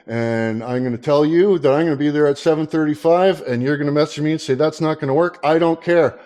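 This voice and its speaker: A high-pitched older man with a twang rants crudely to his viewers, joking and swearing. His tone flips between mock outrage and laughter. The delivery is rambling and loose. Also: darkish tone. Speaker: vlogger. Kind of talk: rambling comedic rant to camera.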